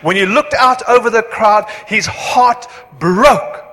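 A man preaching about missions to a church, earnest, with halting restarts. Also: sits high, bright, forceful tone. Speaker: missions speaker. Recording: long hall reverb.

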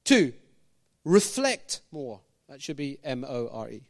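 A man preaching a sermon as pastor, animated, firing questions at the congregation with jokey asides. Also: mid-range voice, takes it slowly, gravelly.

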